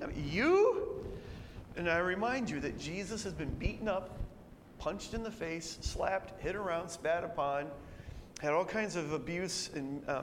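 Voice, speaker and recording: A high-pitched man teaching through a Bible passage in an animated way, jumping into the characters' voices as he goes. His voice rings with a long reverb, and faint noise sits under it. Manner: animated, acts out quoted characters with shifts in pitch. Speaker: preacher.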